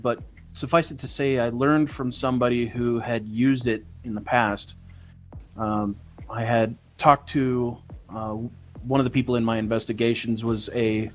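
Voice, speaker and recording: A man voicing a female construct investigator who explains things slowly and hesitantly, with many fillers. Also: medium pitch, natural voice.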